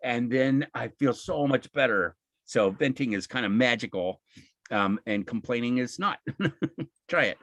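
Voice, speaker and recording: A man's voice: medium pitch, lively intonation, unhurried, fairly bright tone, dry recording. A man giving an informal, encouraging webinar talk over a video call, often acting out what people say. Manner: conversational, encouraging, acts out quoted speech.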